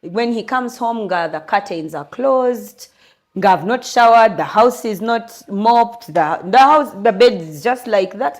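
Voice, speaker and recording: A young Ugandan woman, an interview guest, telling a candid personal story in an earnest, lively way. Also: medium pitch, normal speed. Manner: switches between English and Luganda, lively and earnest.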